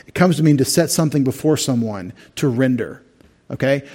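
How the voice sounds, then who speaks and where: Preaching in a church sanctuary, this middle-aged man speaks with a slightly high, warm voice. His expository sermon unpacks Greek terms methodically, punctuated by wry remarks.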